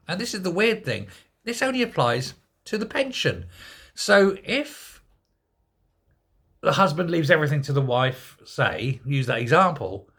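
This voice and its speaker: A man's voice: a little high, a bit bright, slightly rough. An older man giving a scornful, sarcastic opinion rant as a political commentator.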